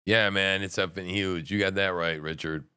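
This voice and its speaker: A man hosts a livestream and reacts to what he is watching in real time, cursing freely. He swings between loud, excited outbursts and low muttering. His voice is smooth and clear, recorded dry and close with no room sound. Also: normal speed, no echo. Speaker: livestream host. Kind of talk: live reaction commentary.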